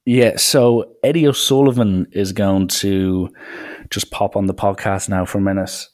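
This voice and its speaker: A man with an Irish accent hosting a podcast, telling stories in a chatty, animated way full of "like" and acted-out quotes. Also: lowish voice, a little slow. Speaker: podcast host. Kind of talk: casual storytelling.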